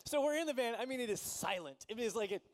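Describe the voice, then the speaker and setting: A man's voice: very high-pitched, lively intonation, fast talker. A man in his forties preaching a conversational sermon, telling a story about himself and laughing often. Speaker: pastor.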